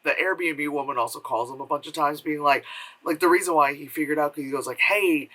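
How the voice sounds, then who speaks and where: Rambling man with a bright, tense voice. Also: a little high, quick pace, rough recording. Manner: rambling, filler-heavy, acts out quotes in mocking voices. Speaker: film reviewer. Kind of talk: casual spoken film review. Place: home room with air purifier hum.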